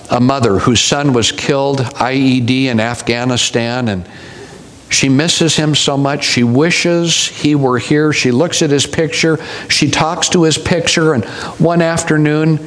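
A man's voice: medium pitch, unhurried, fairly bright tone, low-quality recording. A male pastor preaching a sermon, telling stories with wry humorous asides.

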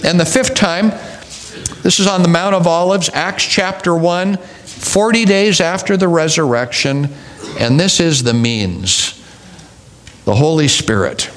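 A man's voice: fairly high pitch, unhurried, a bit bright. A man preaching a sermon, stressing his points by repeating key phrases. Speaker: pastor.

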